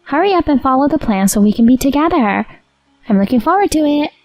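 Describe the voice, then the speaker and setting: A woman voicing a high-pitched, scheming young mistress speaking over the phone, eager and gushing. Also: animated, fast talker, a little mellow.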